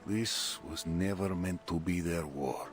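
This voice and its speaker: A grave military commander speaks low and steady, as a man puts him on. His tone stays solemn throughout. Music plays clearly behind the voice in this game story. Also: measured pace.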